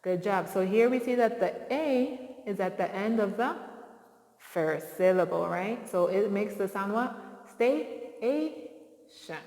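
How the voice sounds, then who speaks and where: A woman's voice: medium pitch, expressive, takes it slowly, a little mellow. A woman teaching a phonics lesson to young children, with encouraging call-and-response prompts and frequent praise. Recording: roomy with long reverb.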